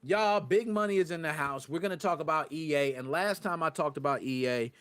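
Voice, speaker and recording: A man hosting a live gaming podcast, talking casually to his chat with excitable bursts and rants and plenty of swearing. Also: fairly high pitch, fairly quick, clear, resonant tone. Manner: talks to live chat viewers. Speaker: podcast host.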